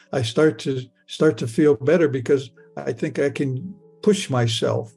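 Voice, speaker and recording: An older man from Michigan recounts a personal testimony in the present tense. His voice is gravelly and creaky, pitched in an ordinary middle range. He halts, stammers and repeats words as he speaks. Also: darkish tone. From Michigan, USA. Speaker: interviewee recounting a near-death experience.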